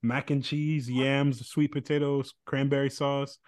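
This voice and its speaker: Animated man co-hosting a podcast. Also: medium pitch, measured pace, dry recording, clean studio sound. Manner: animated, laughs often. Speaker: podcast co-host. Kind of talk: casual chat.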